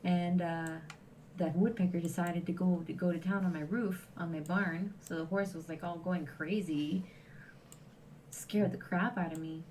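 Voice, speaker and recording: A woman's voice: on the low side, fairly even intonation, unhurried, a little mellow. Quebecois woman chatting, a bit distant. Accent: Quebecois French. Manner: chatty, laughs easily, reads out viewer comments. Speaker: co-host guest. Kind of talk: casual livestream chat. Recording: distant mic with faint background noise.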